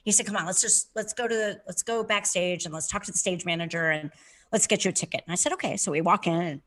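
A woman hosting a podcast, telling stories in a lively, animated way and laughing often. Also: on the low side, fast talker. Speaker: podcast host. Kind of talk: casual conversation.

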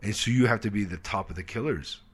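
A man in his forties tells stories in a relaxed interview, his voice sitting on the low side. He is animated and swears freely, and he slips into other people's voices as he tells them. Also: quick pace, breathy edge. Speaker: comedian guest. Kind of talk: casual storytelling interview.

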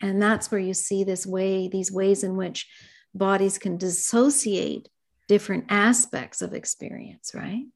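A middle-aged woman therapist being interviewed, speaking gently and reflectively about her work. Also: medium pitch, fairly even intonation, unhurried, gravelly. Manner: gentle, reflective, speaks in soft asides and acted client dialogue. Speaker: therapist and author, guest. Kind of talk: conversational interview.

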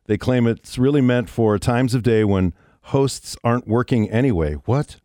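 A man's voice: mid-range voice, normal speed, warm tone, dry recording, clean studio sound. A man hosting a morning rock radio show, telling a story in a wry, conversational way. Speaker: radio host. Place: radio studio.

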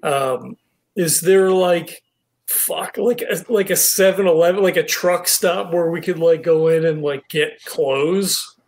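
A man's voice: on the high side, slow pace. A man playing a tabletop role-playing game, talking casually with swearing and hesitant fillers. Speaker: player.

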